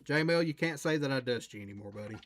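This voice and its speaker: Speaking very fast in an expressive mid-range voice, a man hosts a card break livestream. He chats with viewers in a relaxed way and calls out the cards as he pulls them.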